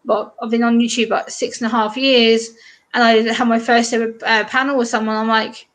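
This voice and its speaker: A woman's voice: a little high, flat delivery, moderate pace, a bit bright. A woman with an eastern English accent, a guest YouTuber chatting casually on a live stream and laughing often. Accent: English, eastern England. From England.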